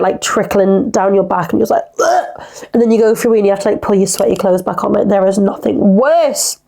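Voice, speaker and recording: A woman's voice: medium pitch, mellow. A young woman, hosting a casual solo podcast in a rambling, chatty way full of "like". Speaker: podcast host.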